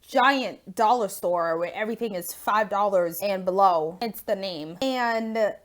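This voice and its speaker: A young woman vlogging into her phone at home, telling a story in a casual, animated way, swearing freely and acting out what people said. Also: mid-range voice, measured pace.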